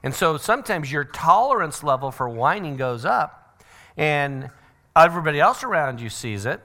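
A middle-aged man giving a church parenting seminar, animated and joking, often acting out what other people say. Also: fairly high pitch, normal speed. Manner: animated, acts out quoted voices. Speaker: seminar speaker.

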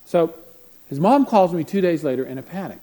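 A man with a mellow, warm voice teaching parents. He tells a long story in a chatty way and acts out the voices of the people in it. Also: on the high side, animated, brisk, low-quality recording. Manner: anecdotal, acts out voices while telling stories. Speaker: parenting seminar speaker. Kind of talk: conversational teaching talk.

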